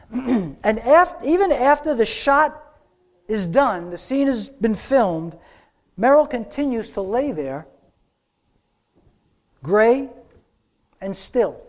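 High-voiced male preacher. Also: darkish tone. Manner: storytelling with dramatic slow pauses. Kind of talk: sermon.

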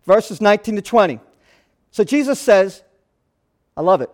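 With frequent pauses and a moderate pace, a male pastor tells the story in his sermon, his animated delivery shifting between loud and hushed. He speaks in a high voice.

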